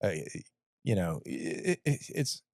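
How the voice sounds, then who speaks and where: A man's voice: on the low side, slow, no room sound, clean studio sound. A man who flies as an airline pilot, chatting casually and acting out radio calls. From United States. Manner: relaxed storytelling, acts out radio calls. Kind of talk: casual chat.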